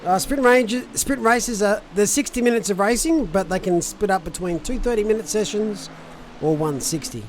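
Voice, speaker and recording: A man's voice: high-pitched, moderate pace, slight background noise. A man giving casual live sim racing commentary, chatting to viewers and answering their messages.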